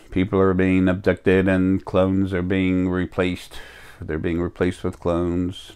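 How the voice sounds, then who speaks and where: A man talking in a slow, rambling monologue to his viewers, sick and coughing now and then. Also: sits low, flat delivery, a little mellow, clean tone. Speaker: vlogger. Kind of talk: casual monologue.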